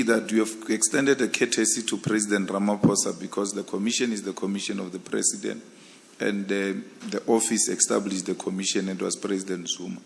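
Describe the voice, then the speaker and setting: A man who is a commissioner, questioning a candidate at a formal hearing in a forceful, insistent way. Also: lowish voice, steady tone, fairly quick, vocal fry, long reverb tail. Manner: forceful, insistent, emphatic repetition.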